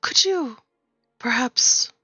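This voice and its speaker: A woman's voice: sits high, lively intonation, slow, pushed and bright, husky, no room sound, muffled recording, faint music behind. A woman player speaking for her character in a tabletop role-playing game, in a courteous, in-character way.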